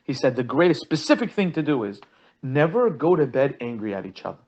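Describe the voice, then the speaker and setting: Teaching a marriage course, this rabbi illustrates points with stories, acts out quotes, and tends to repeat words as sentences begin. He speaks briskly in a mid-range, darkish voice with big pitch swings, and the recording lacks high end.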